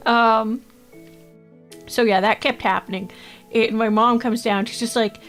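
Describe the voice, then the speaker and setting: A woman's voice: fairly high pitch, steady tone, normal speed, faint music behind. Blunt, laughing streamer woman. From Canada. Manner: blunt, swears freely, laughs often. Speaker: VTuber streamer. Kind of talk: casual stream chat and storytelling.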